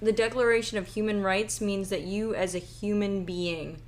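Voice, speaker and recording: A woman's voice: mid-range voice, fairly even intonation, moderate pace. A woman co-hosting a podcast in plain, casual conversation. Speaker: podcast co-host.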